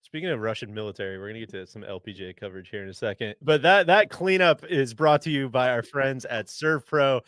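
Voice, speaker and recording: A man's voice: medium pitch, a bit bright, no room sound, clean studio sound. A man hosting a casual golf podcast, chatting and reading an ad. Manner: conversational, reads ad copy. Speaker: podcast host.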